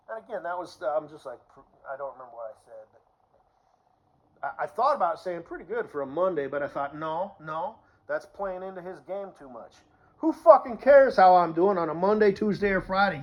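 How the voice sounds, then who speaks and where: Profane ranting man, high voice. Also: rough recording. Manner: profane, sarcastic, swings between mumbling and shouting. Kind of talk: casual ranting monologue.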